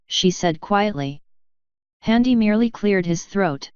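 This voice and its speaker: A woman reading fanfiction aloud in a steady storytelling manner, in a dull lo-fi recording. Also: mid-range voice, a little slow, clean tone, no room sound. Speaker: story reader. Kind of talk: fanfiction read-aloud narration.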